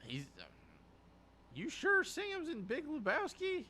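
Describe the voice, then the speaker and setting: Low-key guest-style voice, mid-pitch man, bright and forward tone, brief replies. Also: wildly swooping pitch, slow, a little hiss or hum. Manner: short, laid-back answers. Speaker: podcast co-host. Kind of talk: casual movie chat. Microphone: podcast microphone.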